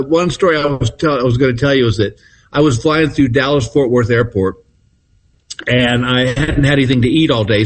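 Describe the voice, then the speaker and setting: Texas-raised guy in his 60s, easygoing chuckly storyteller, phoned in, middle pitch. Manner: laid-back storyteller, chuckling, drawn-out pauses. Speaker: comedian guest. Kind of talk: casual anecdote-telling. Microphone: phone call-in.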